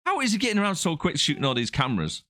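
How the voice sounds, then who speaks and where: A man co-hosting a podcast, trading casual, sweary, animated banter about a film and laughing often. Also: a little high, racing, no room sound, studio quality. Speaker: podcast co-host.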